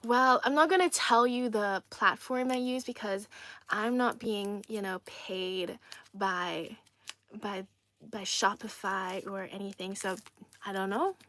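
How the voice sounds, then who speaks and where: A woman's voice: mid-range voice, takes it slowly, sharp tone. A young woman from China hosting a casual livestream, chatty and playful, laughing often and repeating herself as she reads comments. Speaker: livestream host.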